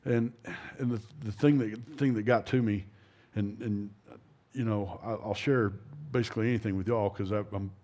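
A man's voice: fairly low pitch, fairly even intonation, normal speed, darkish tone. A middle-aged man preaching an informal, folksy sermon, rambling with restarts and asides.

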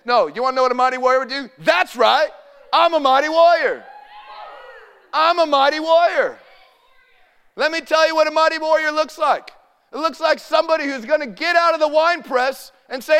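A man preaching with fervor, his voice notably high and ringing clean. He rises to shouts and drops to near-hushed tones. The sound carries with a long reverberation, as in a church hall. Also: moderate pace, clear, resonant tone. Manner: impassioned preaching, shouting at peaks and dropping to a hushed tone. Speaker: pastor. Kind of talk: sermon.

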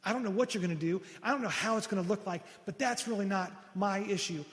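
High-voiced preacher in a reverberant hall. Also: male voice, fast talker. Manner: animated storytelling, acting out the voices of the people in his story. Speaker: pastor. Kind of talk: sermon.

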